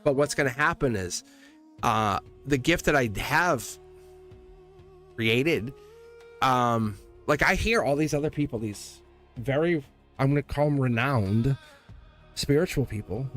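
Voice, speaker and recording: A man with an average-pitched voice chats loosely through a live tarot reading. He laughs often and rambles, breaking off to quote himself. Faint music plays underneath. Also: expressive, a little slow, a bit bright. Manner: chatty, laughs often, rambling self-interrupting stories. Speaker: tarot reader. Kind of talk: casual livestream chat. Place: home studio.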